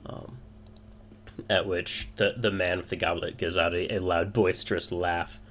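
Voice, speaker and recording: Low-voiced game master, hesitant. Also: male voice, fairly even intonation, measured pace, a bit bright, faint music behind. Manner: hesitant, filler-heavy. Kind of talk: narrating a tabletop game.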